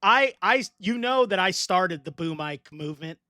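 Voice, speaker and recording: A middle-aged man hosting a casual podcast chat, animated, laughing often and swearing freely. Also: high-pitched, moderate pace, no room sound, clean studio sound. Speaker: podcast host.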